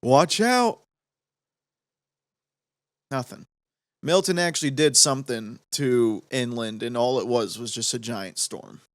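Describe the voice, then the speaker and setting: A man's voice: mid-range voice, normal speed, no room sound, studio quality. A young man hosting a podcast in casual, joking chat full of fillers. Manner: rambling, joking, lots of fillers. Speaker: podcast host.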